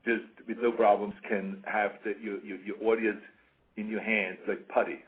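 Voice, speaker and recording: A man's voice: on the low side, level tone, normal speed. Emphatic man on a tinny line. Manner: emphatic, repeats points, acts out quoted voices. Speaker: interview guest. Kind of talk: casual interview talk. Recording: tinny phone-like radio sound.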